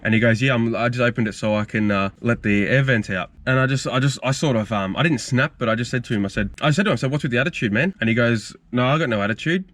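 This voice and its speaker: A man's voice: mid-range voice, quick pace, hardly any pauses, fairly bright tone. A young man, hosting a car channel and telling stories in a casual, rambling, frank Q&A vlog. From Australia. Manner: rambling, frank, storytelling with fillers.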